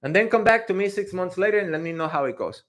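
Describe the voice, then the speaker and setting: Animated bright-voiced man coaching. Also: sits high, quick pace. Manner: animated, drifts into Spanish slang, answers viewer questions. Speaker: IT career coach. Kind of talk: casual livestream chat.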